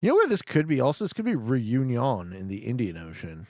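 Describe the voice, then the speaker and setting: A man's voice: medium pitch, huge pitch swings, brisk, no room sound, clean studio sound. A young man streaming a geography guessing game, joking and talking back to his chat. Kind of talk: casual live gameplay commentary.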